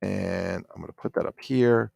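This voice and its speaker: A middle-aged man with a New Jersey accent hosts a casual livestream, excitable and profane, rambling as he reads out chat comments. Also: low voice, normal speed, creaky, no echo, clean studio sound. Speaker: toy collector livestream host.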